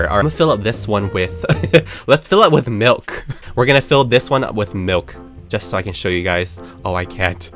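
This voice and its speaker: A young man showing off a game update, talking excitedly and gasping and squealing often. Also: mid-range voice. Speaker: gaming YouTuber.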